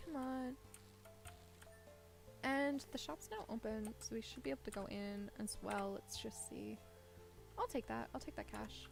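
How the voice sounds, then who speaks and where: Creaky-voiced woman chatting through a game. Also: fairly high pitch, a little slow, pauses often, soft background music. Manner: chatty, rambling, thinks out loud with little laughs. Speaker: game streamer. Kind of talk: casual gameplay commentary. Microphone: desk microphone set low.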